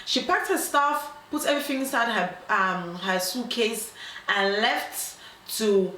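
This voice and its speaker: A female host casually narrates a dilemma story, speaking animatedly and voicing the quoted characters, though she frequently halts on "um" and starts over. Her pitch sits in the middle and her pace is a little slow. The room adds a noticeable echo, with faint noise in the background.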